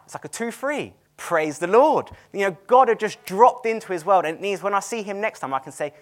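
Guy preaching, chatty and animated, voice sits a bit high. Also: a little fast, few pauses. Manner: animated, chatty, laughs at his own stories. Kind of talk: sermon with storytelling. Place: cinema used as a church venue.

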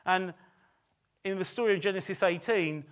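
A man's voice: high-pitched, normal speed, a bit bright. A middle-aged man preaching a sermon in a chatty way, with self-deprecating asides and phrases repeated for emphasis. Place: church service.

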